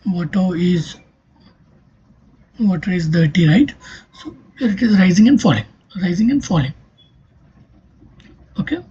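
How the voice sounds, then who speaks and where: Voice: medium pitch, warm tone, breathy edge, lo-fi sound. A linguistics lecturer giving a recorded exam-prep lesson, explaining step by step and checking in with "okay" and "right".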